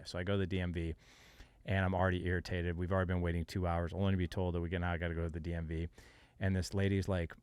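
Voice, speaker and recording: A middle-aged man hosts a podcast with a lowish voice. He retells a story with animated, exasperated energy and acts out the voices of the people in it. The recording is dry and close. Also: dry recording. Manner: lively, exasperated retelling with acted-out quotes. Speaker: podcast host. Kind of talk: animated storytelling in casual chat.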